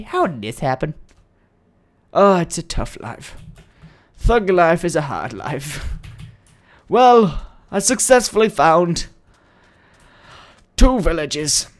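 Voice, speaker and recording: A man's voice: on the high side, sing-song, takes it slowly, long pauses. A young man giving playful commentary while playing a game, with theatrical outbursts and bits of mock singing. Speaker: gaming video host. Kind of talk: Minecraft let's play commentary.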